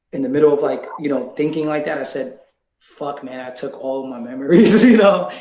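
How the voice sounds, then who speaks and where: A man's voice: mid-range voice, a little mellow, echoey room, poor audio. A man, a rapper guest in an interview, talking casually and laid-back, swearing freely with many fillers.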